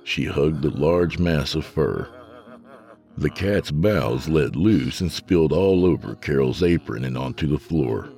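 A man narrating a horror story in a slow, grave storyteller's manner. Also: very deep voice, gravelly, warm tone.

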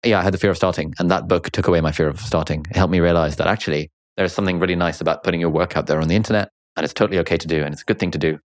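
A young British man chatting casually as an interview guest, telling stories in an animated, jokey way. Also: low voice. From Britain. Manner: fast, animated, jokey storytelling.

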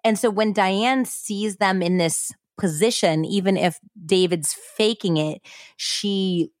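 A woman's voice: medium pitch, takes it slowly, no room sound, clean studio sound. A woman hosting a podcast, telling a true-crime story in a casual, chatty way, full of "like" and blunt swearing. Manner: chatty, frequent "like", blunt and profane. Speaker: podcast host.

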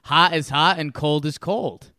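A man's voice: on the high side, unhurried, pushed and bright, dry recording, clean studio sound. A man co-hosting a podcast, trading casual sports talk in short, laid-back replies. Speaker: podcast co-host.

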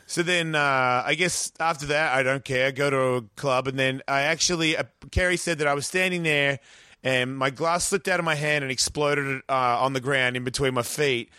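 A man, a podcast guest, telling profane, animated stories in casual chat on a studio mic. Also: mid-range voice, normal speed, smooth, no room sound. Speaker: podcast guest, radio host.

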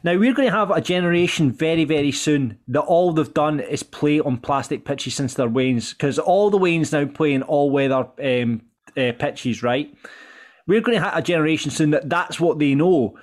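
A Scottish man hosts a casual football talk show, reading listener comments aloud. His voice sits a little high for a man, and he swears freely as he argues his points. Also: normal speed. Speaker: podcast host. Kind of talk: casual chat.

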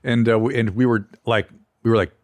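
A man's voice: medium pitch, fairly even intonation, fairly quick, dry recording. An older man hosting a podcast in casual chat, with dry, wry reactions. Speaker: podcast host.

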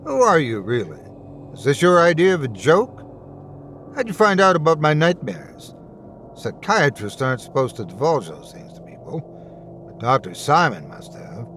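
A man's voice: a little high, very animated, normal speed, a bit bright, slight background noise. A man voicing a frightened, rattled grown man who speaks tensely and defensively.

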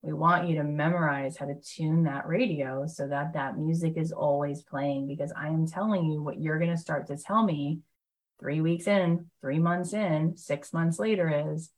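A woman's voice: sits low, fairly even intonation, normal speed. A woman hosting a live motivational workshop, telling stories in a gushing, enthusiastic way with lots of casual fillers. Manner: chatty, heavy use of fillers like "like". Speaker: motivational host and coach.

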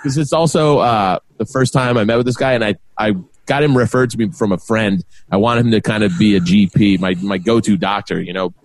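A man, co-hosting a podcast and telling a long story in a lively way, acting out what everyone said. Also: fairly low pitch, fairly quick. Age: 40s. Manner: animated storyteller, acts out quotes. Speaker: podcast co-host. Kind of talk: casual storytelling chat.

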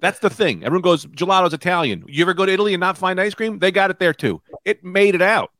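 Lively teasing male podcast co-host. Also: high-pitched, no echo. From Sicily. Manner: playful, teasing, quick jokes. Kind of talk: casual comedic chat.

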